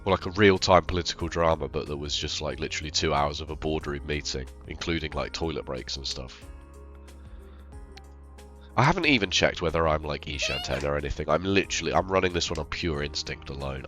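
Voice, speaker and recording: A man with a very low voice comments casually on his own game. He is unwell and thinks aloud, rambling and poking fun at his own choices. Quiet game music runs in the background. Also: brisk. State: ill. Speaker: game streamer.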